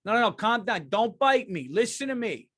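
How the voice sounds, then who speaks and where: A man voicing a middle-aged Italian-American tough guy coaxing someone to calm down, emphatic and pleading. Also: high-pitched, moderate pace, voice pushed up, exaggerated voice.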